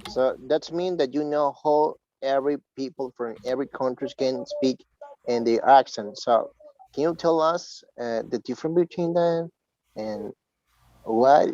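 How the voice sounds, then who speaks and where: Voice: mid-range voice, measured pace, warm tone, no echo, dull audio. A participant on a video call asks questions hesitantly, searching for words.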